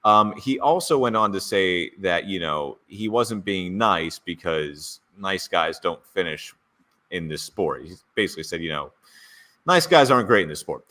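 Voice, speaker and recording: A man hosts a podcast in loose, joking chat, his fairly low voice bright and forceful and swinging widely in pitch. He teases as he goes, reading out quotes with playful relish. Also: animated, normal speed. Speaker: podcast co-host. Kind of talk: casual chat, reading out race radio quotes.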